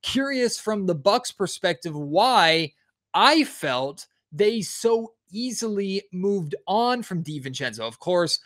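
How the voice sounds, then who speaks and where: A man's voice: a little high, bright, forceful tone. A man hosting a sports podcast, introducing his guest in a chatty way with frequent filler words. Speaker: podcast host.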